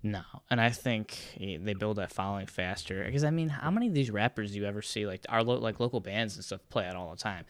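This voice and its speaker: A man co-hosting a podcast, chatting casually and often pausing to search for words. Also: on the low side, dry recording. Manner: hesitant, searching for words with many fillers. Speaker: podcast co-host. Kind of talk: casual chat.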